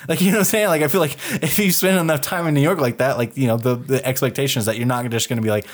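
A man's voice: medium pitch, racing, hardly any pauses. A man co-hosting a podcast, chatting casually in a rambling, profane way full of fillers. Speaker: podcast co-host. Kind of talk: casual chat.

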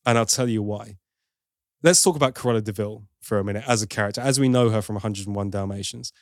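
A man's voice: lowish voice, fast, dry recording, studio quality. A man giving an opinionated, casual film review as host, now and then mimicking for laughs. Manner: opinionated, playful mimicry of accents.

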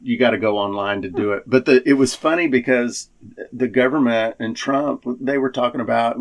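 Gravelly man, casual talk show co-host, wry, stop-start phrasing. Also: medium pitch, normal speed. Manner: wry, talks in restarts. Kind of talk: casual political chat.

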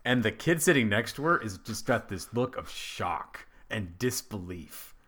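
A man's voice: on the low side, measured pace. A man and father on a casual comedy podcast, telling family stories with dry jokes. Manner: animated storytelling, dry jokes.

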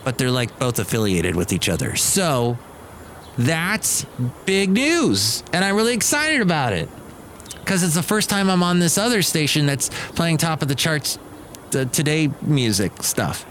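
Self-mocking rambling podcast host, a man with a slightly high voice. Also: sing-song, unhurried, fairly bright tone, slight background noise. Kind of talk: casual solo podcast chat.

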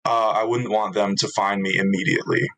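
A man's voice: lowish voice, fairly even intonation, brisk, gravelly, fairly bright tone, poor audio. A young man chatting casually in an interview, rambling and self-mocking, filling gaps with ums and little laughs.

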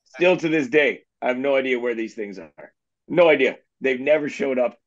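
A man's voice: medium pitch, normal speed. A man with a mid-range voice co-hosting a casual real estate podcast. He tells loose, self-deprecating stories and laughs at his own mistakes. His recording sounds slightly dull and muffled, lacking some top end. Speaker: mortgage agent and podcast co-host.

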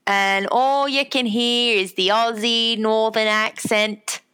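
A woman co-hosting a podcast in casual chat, animated and quick to agree. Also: smooth. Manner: animated, jumps in pitch, eager agreement.

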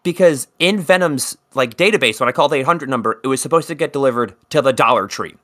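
Bright-voiced rambling storyteller guy. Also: medium pitch, quick pace. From South Jersey. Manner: rambling storyteller, swears freely. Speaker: podcast co-host. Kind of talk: casual chat.

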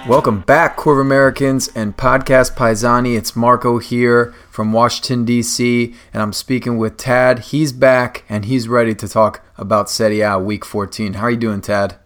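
Man, podcast host, smooth resonant voice, jokey, upbeat, casual sports chat. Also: medium pitch, level tone, normal speed, few pauses, a bit bright, faint music behind.

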